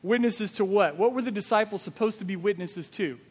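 A man's voice: sits high, fairly quick, breathy edge, in a large hall. A man preaching a sermon as pastor, emphatic and full of rhetorical questions.

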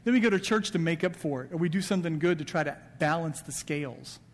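High-voiced man preaching in a hall. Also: lively intonation, quick pace. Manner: conversational preaching with quoted asides. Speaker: pastor. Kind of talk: sermon. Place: church sanctuary.

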